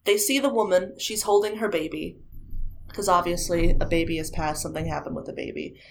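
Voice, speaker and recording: Over a noisy background, a woman with a fairly low, gravelly voice speaks briskly. She's a podcast co-host casually retelling a ghost show to a friend, animatedly acting out the quotes as she goes.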